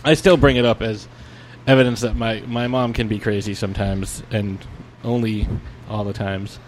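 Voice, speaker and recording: A man's voice: lowish voice, fairly even intonation, normal speed, a little hiss or hum. A man co-hosting a podcast, telling a story in a rambling, casual way, with many restarts and fillers. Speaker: podcast co-host.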